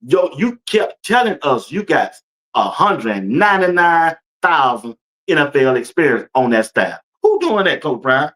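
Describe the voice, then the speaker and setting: Male sports talk host, slightly high voice with a lot of swing, casual and chatty, quick to laugh, talks right to the audience. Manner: animated, laughs often, loose colloquial talk; addresses viewers and chat directly. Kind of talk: casual sports commentary livestream.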